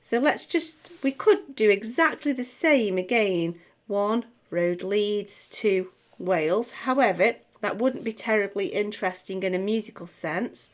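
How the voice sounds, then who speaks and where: A middle-aged woman teaching music theory, chatting as she writes and sounding out words slowly. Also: mid-range voice. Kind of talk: tutorial, talking while writing.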